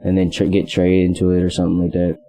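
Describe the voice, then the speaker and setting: A man's voice: low-pitched, completely flat delivery, fast talker, dark tone. A young man co-hosting a podcast, talking casually in a rambling, joking way with lots of fillers. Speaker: podcast co-host. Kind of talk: casual chat.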